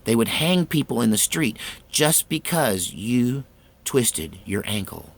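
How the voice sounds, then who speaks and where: Man doing a stern worried mom, low and grave, warning her kid, gravelly voice. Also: big pitch swings, takes it slowly, heavily acted. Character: stern worried mother scolding her son.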